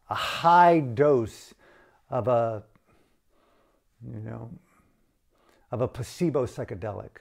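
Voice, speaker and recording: A man's voice: mid-range voice, a little mellow. A man delivering an impassioned, blunt and profane rant as an activist.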